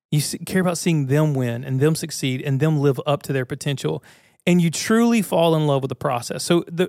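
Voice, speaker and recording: A man's voice: a little high, creaky, no room sound, clean studio sound. A man hosting a podcast, talking earnestly and casually with frequent restarts. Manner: earnest, conversational, many restarts. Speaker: podcast host. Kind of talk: motivational podcast monologue.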